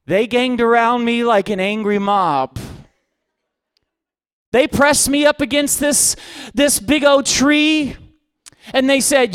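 Casting: a man preacher with a very high voice, self-mocking and comic, telling a sermon story, dry close sound. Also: expressive, takes it slowly, long pauses, fairly bright tone, smooth, no echo.

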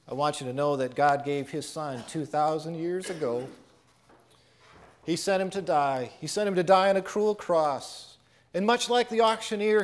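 A male preacher who tells a story with a high voice. He speaks in a dramatic way and drops almost to a hush on his key lines. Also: moderate pace. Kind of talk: sermon storytelling.

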